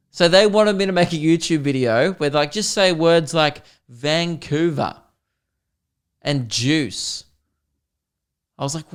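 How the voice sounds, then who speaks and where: Australian man, podcast host, rambling jokey monologue, smooth clear voice. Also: a little high, moderate pace. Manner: rambling, self-deprecating, jokey tangents. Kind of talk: casual solo podcast monologue.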